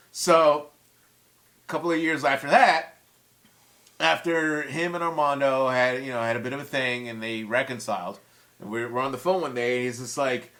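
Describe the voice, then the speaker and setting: A man's voice: mid-range voice, normal speed, sharp tone. A man in his forties, a guest musician in a casual chat, telling stories with heated, profane language. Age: 40s.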